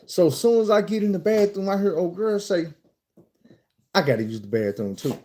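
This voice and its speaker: Mellow-voiced Southern man telling stories. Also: sits high, normal speed. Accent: Southern American. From Arkansas, USA. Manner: profane, animated, conversational. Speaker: storyteller. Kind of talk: casual storytime monologue.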